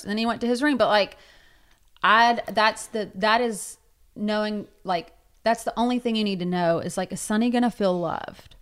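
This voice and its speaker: A woman's voice: mid-range voice, fairly even intonation, moderate pace, clear, resonant tone. A woman in her thirties, a podcast co-host, talking in a chatty storytelling way with many fillers. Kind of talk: casual chat.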